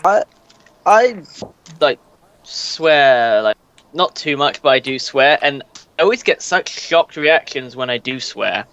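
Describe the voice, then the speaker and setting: A man chatting on a podcast in a hesitant, halting way. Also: medium pitch, expressive, a bit bright, lo-fi sound. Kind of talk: casual podcast chat.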